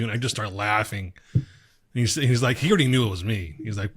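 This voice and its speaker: A man's voice: mid-range voice, a little fast. Chill guy on a podcast telling a story, mid voice, swears a lot. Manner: laid-back, swears, laughs through stories. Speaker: podcast co-host. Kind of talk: casual chat, storytelling.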